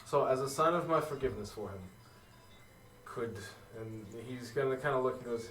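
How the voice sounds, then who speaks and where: A man's voice: mid-range voice, normal speed, a bit bright, a little hiss or hum. Man doing echoey far-off game master narration. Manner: hesitant, filler-heavy narration. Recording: echoey room, far from the mic, faint music.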